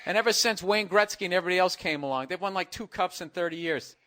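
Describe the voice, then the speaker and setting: Profane, riffing male comic on a comedy talk show, bright and forceful, a bit high, dry close sound. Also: quick pace, no echo. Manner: profane, riffing, rants loudly. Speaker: comedian co-host. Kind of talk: casual comedy chat.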